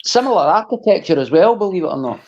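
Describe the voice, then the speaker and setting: A man's voice: sits high, expressive, fast, a little mellow. A laid-back man in a casual chat, looking back on nights out with friends. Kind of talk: casual online banter. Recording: lo-fi muffled audio.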